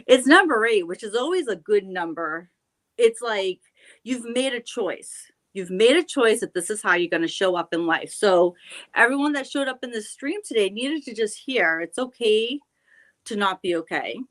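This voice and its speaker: A woman's voice: medium pitch, animated, moderate pace, a bit bright. A woman guest speaking earnestly and reflectively in a casual chat. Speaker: guest tarot reader.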